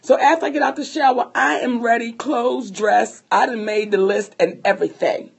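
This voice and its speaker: Husky, high-voiced woman telling a story. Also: normal speed. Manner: animated, profane, laughs often; speaks to listeners as sisters. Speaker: podcast co-host. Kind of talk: personal storytelling chat.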